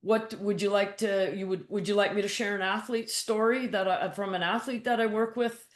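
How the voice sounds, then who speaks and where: A woman's voice: medium pitch, fairly even intonation, normal speed, roomy sound. A woman guest coach speaking frankly and bluntly in a casual interview, acting out her own thoughts in quotes and swearing now and then. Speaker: guest, mental toughness coach.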